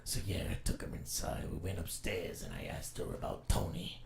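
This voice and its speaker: A man playing a grim noir vigilante, narrating in a low gravelly near-whisper. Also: very animated, moderate pace, noisy background, heavily acted.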